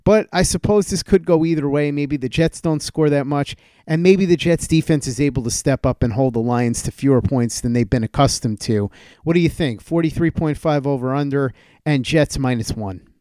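A man's voice: medium pitch, normal speed, warm tone, smooth, dry recording, clean studio sound. A man hosting a sports talk show, giving a methodical rundown of team news and asking his guest questions. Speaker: sports podcast host.

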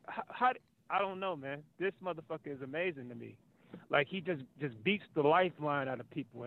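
A man calling in to a sports talk show, insistent and repeating his points in heated casual talk. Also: fairly high pitch. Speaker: caller. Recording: tinny phone line.

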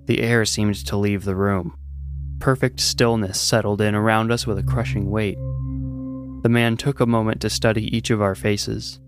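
A man narrating a first-person horror story in a measured, suspenseful way, with music underneath. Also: fairly low pitch, steady tone.

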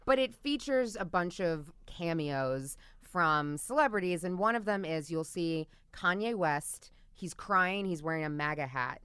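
A woman co-hosting a podcast speaks in a smooth, bright, fairly low voice with a lively, swinging pitch. She is wry and emphatic, and the close dry mic catches every word crisply. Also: no echo. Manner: wry, emphatic, quick to laugh. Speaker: podcast co-host. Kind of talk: casual chat.

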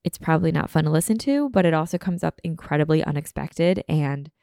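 A woman hosts her own podcast in a loose, chatty ramble full of fillers. Her voice sits low with a gravelly edge and a catch in the throat that she keeps clearing. She is close on a studio microphone with a dry sound. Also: fairly quick, dark tone, no echo. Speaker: podcast host. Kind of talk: casual solo podcast chat.

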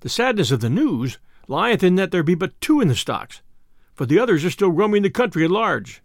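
Man voicing a merry outlaw, teasing, jovial, lively pitch, old-fashioned speech, dry close sound. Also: a little fast, no room sound, full character voice. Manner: jovial, mocking archaic speech. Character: merry, teasing male outlaw, young adult.

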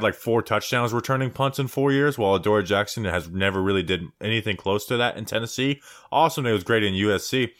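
A man's voice: on the low side, fast, hardly any pauses, a bit bright. A man co-hosting a sports podcast, chatting casually and ranting in mocking tones. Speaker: podcast co-host.

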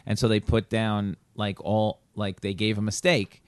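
A man's voice: on the low side, little pitch movement, a little slow, smooth, no echo. A man hosting a podcast, chatting in an easygoing way with his guest. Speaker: podcast host. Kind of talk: casual podcast chat.

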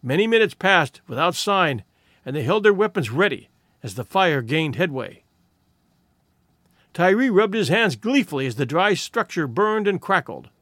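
A man narrating a story in a dramatic, expressive audiobook reading. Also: high-pitched, normal speed, dry recording, studio quality.

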